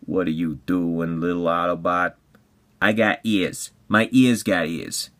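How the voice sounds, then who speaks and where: A man putting on a gangster-like robot heavy, drawling slowly and low, leaning on each threat. A cartoon villain with a thuggish swagger. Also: steady tone. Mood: threatening. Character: menacing gangster-like male robot enforcer.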